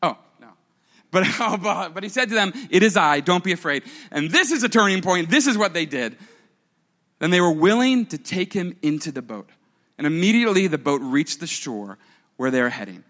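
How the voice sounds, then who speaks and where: High, bright-voiced male pastor preaching. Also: normal speed, long reverb tail. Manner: animated, conversational preaching with asides. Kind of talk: sermon.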